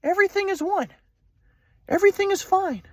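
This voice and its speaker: Brief: man putting on a high, gentle old grandpa who lectures softly, dry close sound. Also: brisk, no room sound. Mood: soothing. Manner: soothing, lecturing about oneness and trust. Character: calm preachy grandfather, older man.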